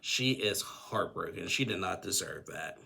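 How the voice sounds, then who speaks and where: Man, casual TV recap host, chatty, lowish pitch, gravelly fry. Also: animated, a little slow, pushed and bright. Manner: chatty, acts out the couple's lines in quoted voices.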